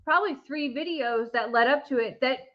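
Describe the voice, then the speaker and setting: A woman's voice: high-pitched, brisk. A woman co-hosting a casual live show, chatty and giggling as she recalls things. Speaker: co-host. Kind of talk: casual livestream chat. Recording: dull lo-fi stream audio.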